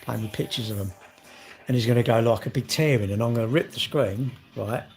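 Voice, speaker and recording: A man's voice: mid-range voice, brisk, a little mellow, soft background music. A middle-aged man, rambling in casual vlog chat, swearing and joking. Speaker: vlogger.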